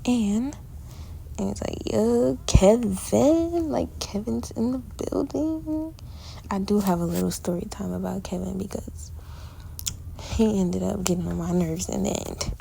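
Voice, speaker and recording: An eighteen-year-old woman talks through her travel vlog in a loose, slangy, chatty way. Her voice is heavy with vocal fry, low-toned and mellow, and she takes her time. A faint hiss of noise sits under her speech. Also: measured pace, low-quality recording. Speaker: vlogger. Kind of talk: casual travel vlog narration.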